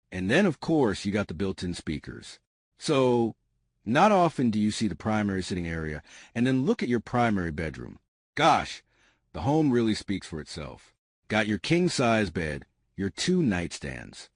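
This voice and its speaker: Animated low-voiced man touring a house. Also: dry recording, studio quality. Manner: enthusiastic, addresses viewers as family. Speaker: home tour host. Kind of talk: enthusiastic real estate walkthrough. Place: inside a large house.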